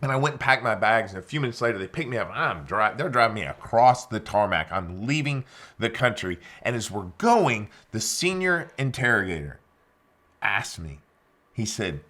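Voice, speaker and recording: A man giving a keynote speech as a dramatic story, acting out the dialogue and swinging between loud emphasis and hushed lines. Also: lowish voice, very animated, moderate pace. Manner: acts out quoted dialogue. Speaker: keynote speaker.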